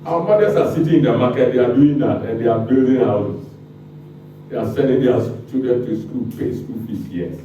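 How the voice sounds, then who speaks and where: A man's voice: mid-range voice, moderate pace, mellow, slight background noise. A man with a Ghanaian accent giving a public lecture, impassioned and firing rhetorical questions at the audience. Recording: very echoey room, mic far off.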